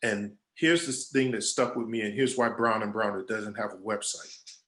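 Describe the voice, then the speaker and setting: A man's voice: fairly low pitch, moderate pace. Storytelling man in an echoey room. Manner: animated storyteller acting out quoted voices. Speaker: guest speaker, agency creative director. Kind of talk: casual storytelling Q&A.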